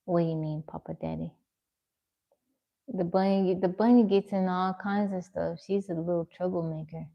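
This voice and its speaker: A woman's voice: on the low side, fairly even intonation, moderate pace, gravelly, dull audio. A woman livestreaming from her home, chatting casually and answering viewer comments one by one. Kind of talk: casual live-stream chat reading comments.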